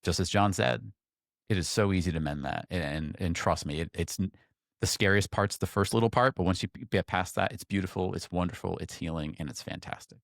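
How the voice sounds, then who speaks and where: Guy in his 30s chatting on a podcast, acts out the quotes, deep-ish voice. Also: a little fast, gravelly, no room sound, clean studio sound. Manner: animated, acts out quoted voices in a higher pitch. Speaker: podcast co-host. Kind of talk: casual storytelling chat.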